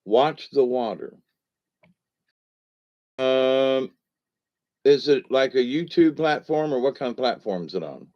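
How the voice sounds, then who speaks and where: A man's voice: mid-range voice, animated, unhurried, darkish tone, highs cut off. A man hosting a late-night livestream, rambling in a folksy way and reacting to chat comments. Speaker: livestream host.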